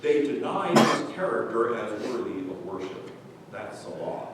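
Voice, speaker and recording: A man's voice: sing-song, measured pace. A male pastor preaching a sermon with fervent rhetorical questions, recorded live in a church sanctuary from a distant mic. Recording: echoey church hall from far off, faint rumble.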